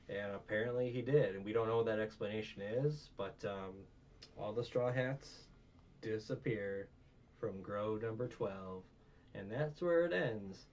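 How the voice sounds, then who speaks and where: A man's voice: lowish voice, a little slow, darkish tone. Tired young man rambling a show recap. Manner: rambling, with many fillers and self-mocking asides. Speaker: podcast host. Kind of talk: casual review chat. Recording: distant, dull mic with faint noise.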